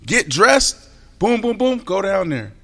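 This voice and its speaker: A man in his forties, a co-host on a sports talk show, telling stories animatedly and with emphasis, sometimes dropping into a hushed voice. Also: high-pitched, a little slow, long reverb tail. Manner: animated storyteller, emphatic, drops into a hushed voice to tell a story. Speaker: co-host and former football player.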